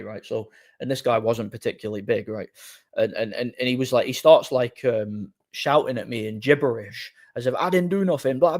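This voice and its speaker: A man hosting a livestream, telling a rambling anecdote in an animated, casual way and acting out quoted dialogue. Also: mid-range voice. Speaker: livestream host. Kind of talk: casual storytelling to a live audience.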